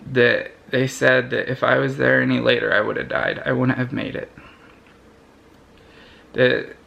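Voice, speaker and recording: A young man vlogger telling a personal story to camera in an earnest, halting way, often restarting his sentences. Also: medium pitch, creaky, a bit bright, muffled recording.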